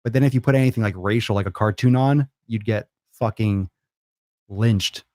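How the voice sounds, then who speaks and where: A male fitness host takes listener questions in a loose, rambling way. His speech is blunt and laced with swearing, and his voice sits on the low side. The recording is dry and close, with no room echo. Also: moderate pace, a little mellow. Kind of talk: casual listener Q&A.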